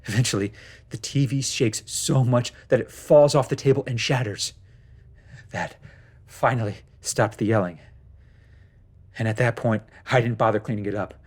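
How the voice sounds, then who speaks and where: A man's voice: medium pitch, normal speed, long pauses. A man narrating his own first-person horror story in a tense, dramatic way.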